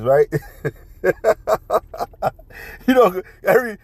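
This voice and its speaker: A man's voice: medium pitch, normal speed, no room sound. A man rambling through a casual monologue, profane and repetitive, often laughing. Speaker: vlogger.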